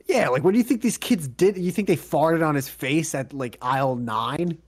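A man co-hosting a casual podcast, excitable and laughing often, swearing freely. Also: fairly high pitch, normal speed. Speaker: podcast co-host. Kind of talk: casual chat.

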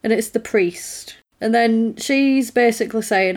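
A woman's voice: medium pitch, fairly even intonation, unhurried, hardly any pauses. Chatty woman recapping a show. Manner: chatty, laughs often, acts out characters' lines. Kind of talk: casual TV episode recap.

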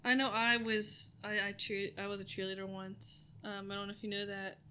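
Bright-voiced woman co-host. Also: mid-range voice, brisk, slight background noise. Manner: relaxed, hesitant with fillers. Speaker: podcast co-host. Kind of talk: casual rewatch chat.

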